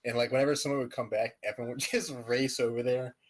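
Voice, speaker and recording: Young male co-host, middle pitch, giggly memory chat. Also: steady tone, quick pace, very noisy. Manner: chatty, laughs while recalling stories. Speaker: podcast co-host. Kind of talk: casual chat.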